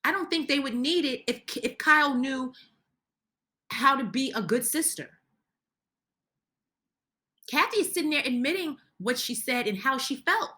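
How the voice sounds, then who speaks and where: Bright, fired-up woman ranting. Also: high-pitched, lively intonation, normal speed, pauses often. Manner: heated, indignant ranting with many restarts. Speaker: reality TV commentator. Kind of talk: opinionated recap commentary.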